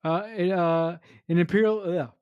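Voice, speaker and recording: A woman's voice: lowish voice, steady tone, a little slow, clear, resonant tone, no room sound, muffled recording. A woman co-hosting a podcast, giving blunt, casual opinions about a film and swearing freely. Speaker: podcast co-host. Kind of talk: casual film review chat.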